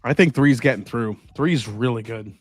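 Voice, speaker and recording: A man's voice: medium pitch, normal speed, husky, no echo, faint music behind. A man hosting a live stream, chatting casually and rambling while tasting and answering viewer comments. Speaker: host.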